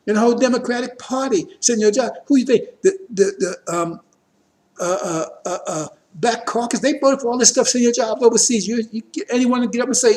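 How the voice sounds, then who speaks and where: A very high-pitched man speaks briskly while preaching a political lecture to a congregation as a religious teacher. He is emphatic, fires off rhetorical questions and often checks in with those listening.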